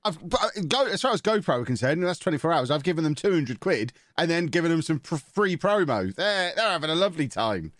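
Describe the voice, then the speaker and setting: A man's voice: a little high, sing-song, quick pace, few pauses, fairly bright tone, no echo. A man hosting a podcast, chatting casually with teasing, wry banter. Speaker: podcast host. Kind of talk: casual chat.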